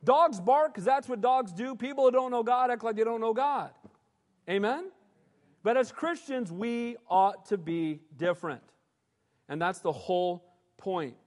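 A man's voice: high voice, unhurried, a little mellow. A male pastor preaching a sermon in a conversational style, often asking the congregation "amen?". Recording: long hall reverb.

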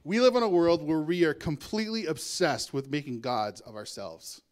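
A man's voice: a little high, animated, moderate pace, a little mellow. A male pastor preaching a sermon in a conversational way, with asides and chuckles.

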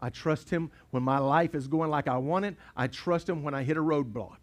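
A male pastor, preaching a sermon in a church sanctuary, building from hushed asides to shouted repeated lines. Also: fairly high pitch, normal speed. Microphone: pulpit mic.

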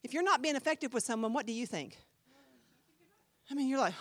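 Woman pastor teaching a class: high-pitched, chatty, emphatic teller with a dry sound. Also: a little fast, dry recording. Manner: animated, emphatic, conversational with many fillers.

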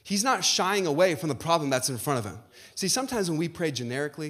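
A man's voice: a little high, sing-song, fast, fairly bright tone. Passionate middle-aged male pastor preaching. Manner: emphatic, rising to passionate. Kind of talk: sermon.

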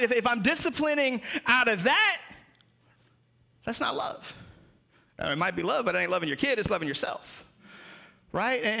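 A man's voice: extremely high pitch, pushed and bright. A man preaching a sermon as pastor, explaining Greek words with emphasis.

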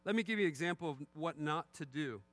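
A man's voice: a little high, expressive, fast, no echo. A middle-aged man preaching as a pastor, conversational and candid, with wry asides about his own failings. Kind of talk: sermon.

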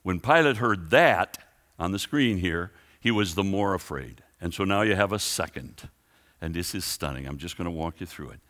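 Animated lower-voiced male preacher. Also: moderate pace. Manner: animated, conversational, frequent restarts and asides. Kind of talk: sermon.

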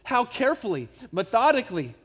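A man's voice: very high voice, sing-song, a little fast, fairly bright tone, husky, long reverb tail. A man preaching a sermon as pastor. He speaks earnestly and emphatically and addresses the congregation with rhetorical questions.

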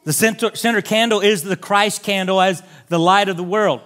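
A man's voice: sits high, steady tone, normal speed, fairly bright tone. A pastor preaching a sermon in a church, making earnest, direct appeals to his congregation. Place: church sanctuary.

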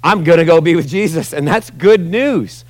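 A man in his forties preaching a sermon as pastor, animated, acting out groans and questioning the congregation. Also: on the high side, normal speed, dry recording. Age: 40s.

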